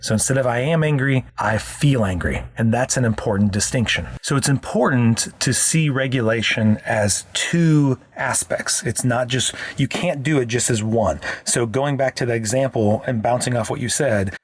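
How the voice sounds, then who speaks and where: A man's voice: mid-range voice, moderate pace, few pauses, slightly rough, no room sound, studio quality. A man co-hosting a parenting podcast as a counselor, explaining earnestly in casual chat and often restarting his sentences.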